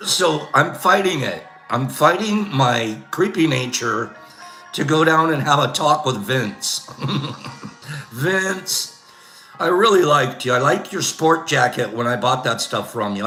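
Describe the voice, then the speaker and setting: Chatting on his casual livestream, an older man rambles through complaint stories, laughing frequently and tossing in his habitual "Okay?". His voice is fairly high, pushed and bright, and the room sounds echoey.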